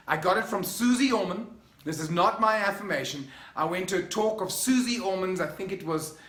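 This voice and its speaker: A man's voice: high-pitched, pushed and bright. A middle-aged man with a South African accent, giving an enthusiastic, emphatic motivational talk to his vlog viewers. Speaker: motivational speaker. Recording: echoey room.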